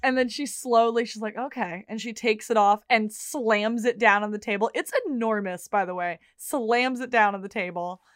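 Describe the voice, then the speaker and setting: A woman with a somewhat high voice recaps scenes for her co-host in casual chat. She retells with animated bursts. The sound is close and dry, with no room around it. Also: no echo. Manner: animated retelling, quotes characters in quick bursts. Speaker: podcast co-host.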